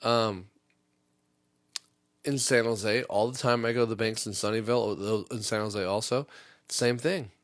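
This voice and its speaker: A man hosting a comedy podcast, rambling through a story and jumping into quick impressions. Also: lowish voice, steady tone, dry recording.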